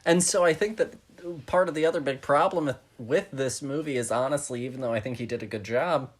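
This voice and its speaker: A man's voice: medium pitch, fairly quick. A man co-hosting a podcast, talking through a film in a casual, thoughtful way, hedging and restarting his sentences often. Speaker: podcast co-host.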